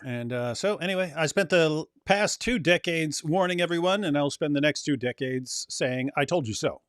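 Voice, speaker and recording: A man's voice: a little high, normal speed, a bit bright, no room sound, clean studio sound. A man co-hosting a casual political chat, loose and talkative, laughing often and slipping into mocking voices. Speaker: co-host.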